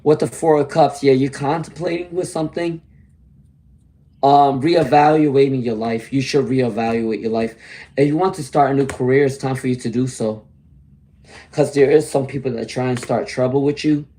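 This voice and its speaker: A man with a hoarse voice from laryngitis, giving a chatty live-stream tarot reading and greeting viewers by name. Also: mid-range voice, fairly even intonation, moderate pace, dark tone. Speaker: tarot reader.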